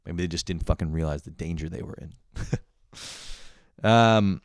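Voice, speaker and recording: A man's voice: low-pitched, moderate pace, no echo, studio quality. A young man telling a rambling, profane story in a casual monologue, often laughing at himself. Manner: rambling, swears a lot, laughs at his own stories. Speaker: podcast host.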